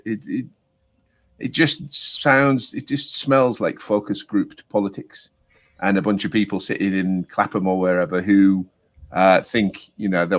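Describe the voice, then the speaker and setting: A man hosting an online political chat show, speaking in a rambling, halting, sardonic way. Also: on the low side. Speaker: host.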